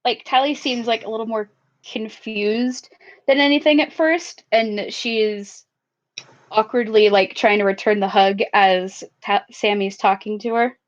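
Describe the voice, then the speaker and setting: A woman's voice: a little high, fairly even intonation, unhurried. A woman playing a tabletop role-playing game, thoughtfully describing her character. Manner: thoughtful, filler-heavy. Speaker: player. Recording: lo-fi recording.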